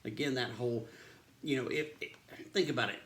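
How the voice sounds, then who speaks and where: A man's voice: medium pitch, fairly quick, a bit bright, a little hiss or hum. A man, a pastor casually retelling a Bible story in a devotional, with many ums and uhs.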